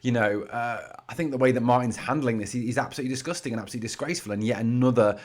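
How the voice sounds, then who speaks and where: A man's voice: mid-range voice, very fast. A man hosting his own football fan channel, giving heated, blunt solo commentary scattered with "you know".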